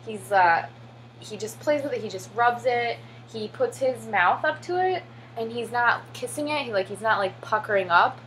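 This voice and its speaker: A woman's voice: medium pitch, fairly bright tone, a little hiss or hum, low-quality recording. A young American woman who teaches English in Korea, talking casually with lots of fillers and acting out her pupils' voices. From United States. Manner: chatty, many fillers and "like"; acts out children's voices when telling stories. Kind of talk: casual vlog.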